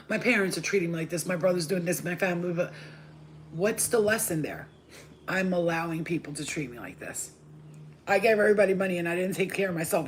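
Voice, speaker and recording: Lower-voiced woman tarot reader; blunt, cussing pep talk with lively put-on voices, faint background hiss. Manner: acts out voices of spirits and haters. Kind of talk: livestream tarot reading.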